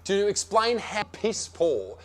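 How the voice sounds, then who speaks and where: A man's voice: sits high, very animated, takes it slowly. An Australian man delivering a comedic rant about his travels, brash and sarcastic, swearing freely. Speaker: comedian reviewing America. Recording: played from another video.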